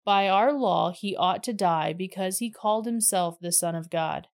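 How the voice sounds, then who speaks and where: A woman's voice: medium pitch, normal speed, close to an everyday voice. A woman reading the lines of hostile, accusing temple leaders in a scripture reading, without raising her voice.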